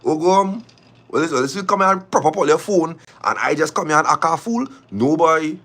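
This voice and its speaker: A man with a Trinidadian accent chatting casually on a live stream, lively and repeating his phrases as he urges viewers to press like. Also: on the high side, a little fast.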